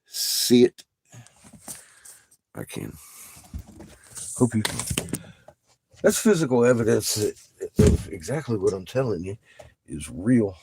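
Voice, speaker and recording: A middle-aged man rambling excitedly and profanely in a casual monologue, showing off rocks from inside an RV. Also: on the low side, slow, pauses often, noisy background.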